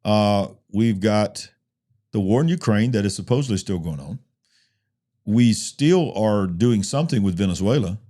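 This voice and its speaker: A man co-hosting a talk show, giving casual, chatty news commentary that speeds up and slows down. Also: lowish voice, lively intonation, mellow.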